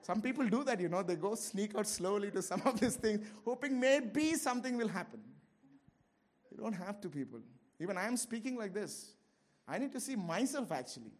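High-voiced impassioned male preacher. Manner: impassioned, swings between shouting and low asides, laughs often. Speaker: pastor. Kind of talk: sermon.

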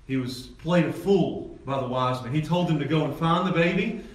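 A man preaching a sermon as pastor, animated, swinging from loud excited peaks to low emphatic lines. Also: moderate pace. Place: church sanctuary. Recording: echoey church hall from far off, faint ambience.

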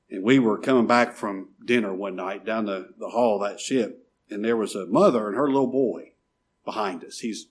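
Husky man preaching, middle-aged, gets loud then drops real soft, pleading tone. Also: fairly low pitch. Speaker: pastor. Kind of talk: sermon.

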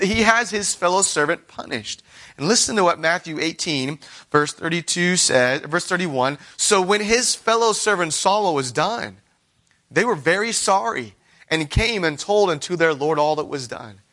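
A man's voice: high voice, expressive, moderate pace, pushed and bright. A man preaching an earnest sermon, reading scripture aloud and acting out the voices of the people he quotes.

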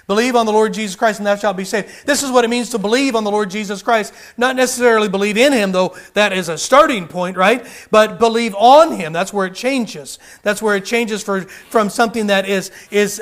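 A man preaching a sermon in a high-pitched voice. He hammers his points home with repeated phrases and asks the congregation question after question. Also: fairly quick, few pauses, fairly bright tone. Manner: emphatic, repetitive rhetorical questions.

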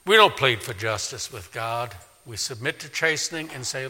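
A male pastor preaching a sermon in a church, emphatic, swinging from loud declaring to quiet pleading. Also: mid-range voice, animated, moderate pace, few pauses. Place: church sanctuary. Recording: long reverb of a large hall.

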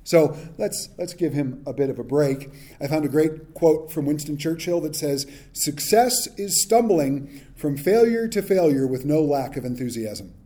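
A man preaching a sermon with a mellow, warm tone that sits a little high for a man. He tells the story animatedly, acting out the quotes as he goes. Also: expressive, normal speed, hardly any pauses. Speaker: pastor.

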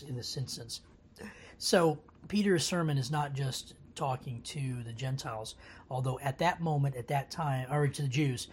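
A man teaching scripture in a casual, earnest way into a laptop camera. He rambles, restarts often and fills gaps with ums. His voice sits in an ordinary middle pitch. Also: slight background noise. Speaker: bible teacher. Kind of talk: casual bible study commentary.

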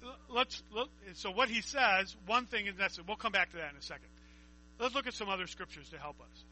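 A man's voice: sits high, fast talker, bright, forceful tone, slight background noise, rough recording. A man preaching a conversational Bible teaching, reading scripture aloud and asking his listeners questions.

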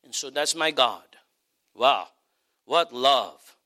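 A man preaching a sermon as pastor, passionate, swelling to high cries and then dropping low. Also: animated, slow pace, bright, forceful tone.

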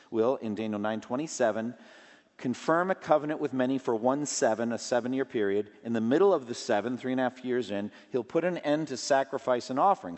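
Earnest male preacher in a reverberant hall. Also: darkish tone. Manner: earnest, rising in pitch and force when stressing a point. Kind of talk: sermon.

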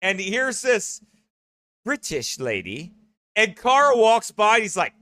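A man teasing a friend in casual, joking banter, playful and animated. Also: high voice, slow, no echo.

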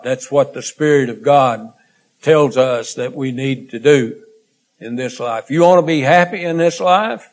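A male preacher delivers his sermon at an unhurried, deliberate pace. He speaks earnestly, stretching out phrases and letting many line endings drop away softly. His voice sits at an ordinary pitch for a man. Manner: slow, earnest, with drawn-out phrases and trailing quiet endings.

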